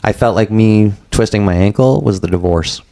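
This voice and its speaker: A man in his forties, a podcast guest telling a story in a casual, animated way, acting out what people said, with many filler words. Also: on the low side, moderate pace, creaky. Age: 40s. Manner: animated, acts out quoted dialogue, frequent "like" fillers.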